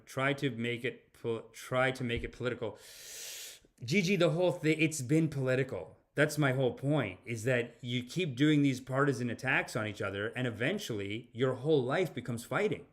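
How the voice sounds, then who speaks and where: A man hosting a live-stream podcast, reacting to videos and chat comments in a rambling way with frequent restarts. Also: medium pitch. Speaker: podcast host.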